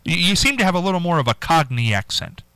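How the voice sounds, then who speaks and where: A man's voice: sits high, big pitch swings, quick pace, pushed and bright, clean tone, dry recording. A man hosting a morning call-in radio show, talking in a playful, chatty way. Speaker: radio host. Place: radio studio.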